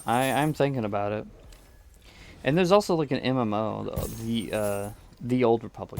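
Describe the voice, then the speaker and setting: A man talking casually over his gameplay, drifting from thought to thought and repeating words as he restarts his sentences. His voice sits at an ordinary middle pitch, with a faint hiss of noise underneath. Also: moderate pace, creaky, darkish tone. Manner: rambling, hesitant, many restarts. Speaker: gaming video creator. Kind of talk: casual chat while playing.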